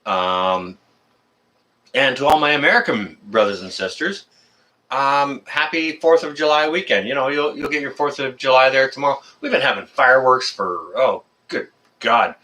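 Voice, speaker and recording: A man's voice: medium pitch, moderate pace, pushed and bright. Chatty Canadian man greeting stream viewers. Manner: friendly, rambling with many fillers. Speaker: live stream host. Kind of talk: casual live stream chat greeting viewers.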